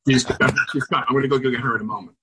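A man on a video call from home, chatting as a talk show guest, halting and restarting often, with dry sardonic humor. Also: medium pitch, steady tone, background noise. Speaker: celebrity guest. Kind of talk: casual interview chat. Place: home on Long Island.

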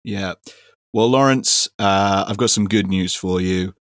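Give me a low-pitched man hosting a podcast, dry and teasing, in a dead room. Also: measured pace, no echo. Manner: dry, teasing, rambling with many fillers. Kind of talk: casual chat.

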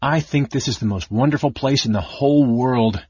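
A man's voice: medium pitch, extremely slow, bright, forceful tone, breathy edge, dry recording, lo-fi sound, pitched above the performer's own voice, exaggerated voice. A man voicing a young, curious kender who hesitates and stammers as he speaks. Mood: delighted.

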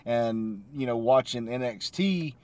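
A man co-hosting a wrestling podcast, chatting casually with short agreeing replies and halting restarts. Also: mid-range voice, darkish tone. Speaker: podcast co-host. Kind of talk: casual chat.

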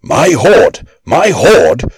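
A man voicing an enraged, greedy male dwarf who shouts about his stolen treasure. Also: sing-song, moderate pace, slightly rough, no room sound, poor audio. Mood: furious. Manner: shrill shouting outrage.

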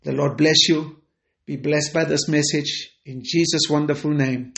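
A man preaching a fervent podcast sermon and prayer, repeating phrases and rising to shouted peaks. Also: fairly high pitch, fairly even intonation, unhurried, gravelly, roomy sound.

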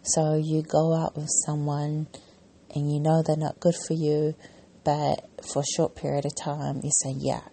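A woman's voice: low voice, completely flat delivery, a little slow, warm tone, slight background noise. A woman hosting her own podcast, telling a family story in a rambling, chatty way and correcting herself as she goes. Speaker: podcast host. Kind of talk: casual personal podcast monologue.

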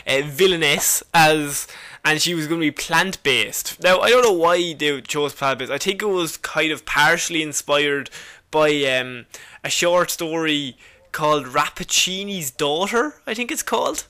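Bright, chatty man telling comic lore. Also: fairly high pitch, unhurried. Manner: chatty, jokey, laughs often. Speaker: podcast co-host explaining comic history. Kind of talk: casual chat.

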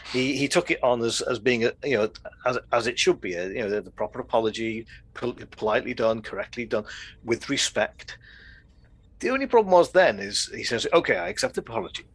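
Husky man chatting about an episode. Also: mid-range voice, lively intonation, brisk. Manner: rambling, acts out quoted lines. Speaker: podcast co-host. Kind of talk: casual chat reviewing an episode.

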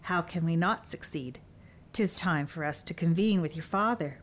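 A bold young warrior woman with an old-fashioned turn of phrase, fierce and teasing by turns, as a woman reading an audiobook gives her voice. She speaks with steady, affectionate resolve. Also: lowish voice, moderate pace, slight background noise, close to an everyday voice. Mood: determined. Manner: archaic, bold and playful. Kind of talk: audiobook dialogue.

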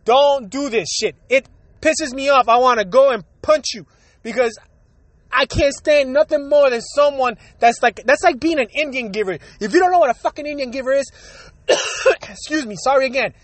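A man's voice: very high-pitched, normal speed, a bit bright, no echo. A man hosting a solo podcast, ranting in a heated, profane, repetitive way while still getting over a cold that has him coughing. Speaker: podcast host. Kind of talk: solo rant.

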